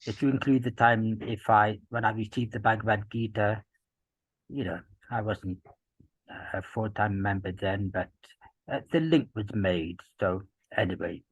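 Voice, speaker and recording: A man in his fifties from Gloucester in England, a podcast guest talking in a measured, reflective way with many "you know"s, through earpieces. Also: lowish voice, slightly rough, no room sound, rough recording. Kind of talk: casual interview chat.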